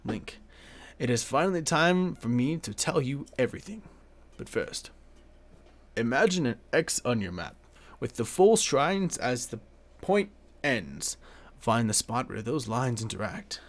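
A man reading out a solemn old male spirit in a slow, hushed, breathy voice. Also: medium pitch, lively intonation.

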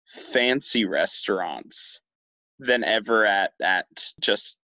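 Slow, low-voiced young man on a podcast. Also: animated, pushed and bright, no echo. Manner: slow, halting, with restarts. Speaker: podcast co-host. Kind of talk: casual chat.

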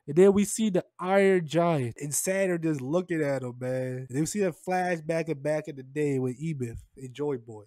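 A man's voice: a little high, normal speed, few pauses, mellow, dry recording, studio quality. A man recapping and reacting to a comic chapter in a loose, slangy way, throwing in "man" and "bro" constantly. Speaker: manga chapter reviewer.

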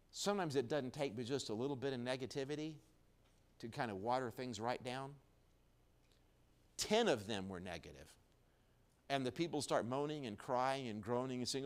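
Male pastor, mid-pitched, live church sermon, shifts from hushed to booming emphasis. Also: moderate pace, long pauses. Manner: preaching with wide swings in loudness, low and quiet then rising strongly. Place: church sanctuary, recorded live.

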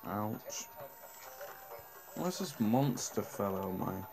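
Young guy casually narrating a mobile game, slow talker, mumbles at the screen. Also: fairly low pitch, lively intonation, vocal fry, music in the background. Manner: mumbling, self-talking, reacting to the game. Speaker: gaming channel host.

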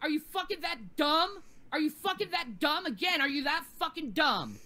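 An enraged woman livestreamer furiously yelling and swearing nonstop at her chat viewers. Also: high voice, lively intonation, normal speed.

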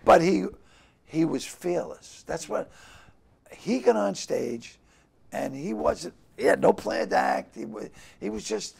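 Older comedian guy, raspy husky voice, pitch swinging wild, loud bursts acting out his stories. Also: takes it slowly. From Boston. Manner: animated storyteller who acts out quotes with loud bursts. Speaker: comedian guest. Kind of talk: casual interview storytelling.

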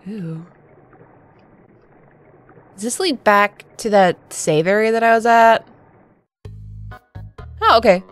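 A woman's voice: medium pitch, takes it slowly, pauses often. A young woman doing casual, joking let's play commentary, swearing freely as she plays. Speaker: gaming streamer. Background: faint game music.

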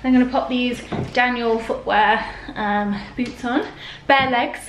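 A woman's voice: on the high side, steady tone, a little slow, slight background noise. A young British woman, a lifestyle vlogger, chatting to camera in a bubbly, gushing way with plenty of fillers. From United Kingdom.

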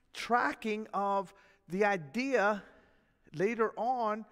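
A man preaching a sermon as pastor, in a folksy, animated way with chuckles and asides. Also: high-pitched, big-room sound. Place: church sanctuary.

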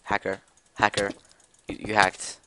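A man's voice: fairly low pitch, brisk, fairly bright tone, a little hiss or hum. A young man chatting and joking while playing a video game with a friend. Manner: joking, teasing, laughs often. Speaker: gaming commentator. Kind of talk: casual gameplay chat.

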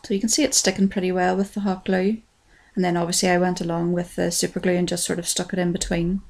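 An Irish woman talks through a craft project in a relaxed, chatty voice-over. Her tone stays level, with little rise and fall. There is a gravelly fry in her voice, and she pokes fun at herself as she goes. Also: lowish voice, fast. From Ireland. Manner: chatty and self-deprecating, says "wee" often. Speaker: craft tutorial creator. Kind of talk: casual tutorial voice-over.

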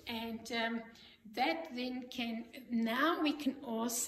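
Slow, gentle woman therapist teaching. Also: fairly high pitch, a little hiss or hum, rough recording. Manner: gentle, explanatory, hesitant fillers. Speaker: play therapist trainer. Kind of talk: instructional demonstration.

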